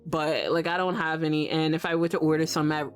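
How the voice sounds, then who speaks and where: A woman's voice: low voice, flat delivery, brisk. Profane, laughing woman ranting on stream. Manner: reenacts her own exasperated reactions. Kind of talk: casual stream chat. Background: faint background music.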